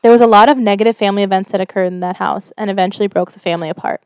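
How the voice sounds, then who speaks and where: Smooth-voiced woman podcast host. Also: mid-range voice, rapid-fire, no room sound, studio quality. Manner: casual, swears freely, reads stories in a steady flat telling. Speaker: podcast co-host reading a listener story. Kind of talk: casual podcast chat and story reading.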